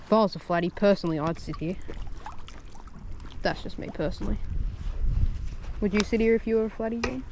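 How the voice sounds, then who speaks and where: A young Australian man casually commenting as he fishes outdoors from the shore, laid-back with excitable bursts and slang. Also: sits high, fairly quick, long pauses, slight background noise. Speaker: fishing vlogger. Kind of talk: casual commentary while fishing.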